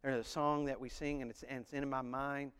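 A man preaching a sermon as pastor, animated, acting out voices and singing short snippets. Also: medium pitch, a little fast, smooth, in a large hall.

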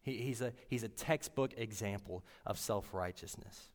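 Earnest man preaching in a reverberant room. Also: lowish voice. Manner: earnest, halting, with frequent restarts. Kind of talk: sermon.

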